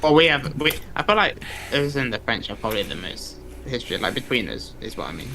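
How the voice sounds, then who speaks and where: A man's voice: mid-range voice, very animated, fast talker, vocal fry, bright, forceful tone, slight background noise. A British man chatting casually, rambling with frequent laughs and restarts. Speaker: gaming companion. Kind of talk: casual chat.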